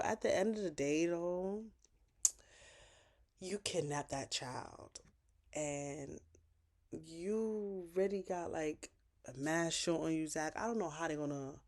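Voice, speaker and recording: A woman YouTuber giving a chatty, profane, lively recap of a TV episode. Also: deep voice.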